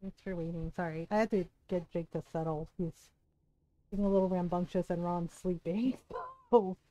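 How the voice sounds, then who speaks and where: A woman's voice: fairly low pitch, steady tone, moderate pace, warm tone, poor audio. A woman game streamer chatting casually to her live audience, candid and chatty, often laughing as she retells conversations.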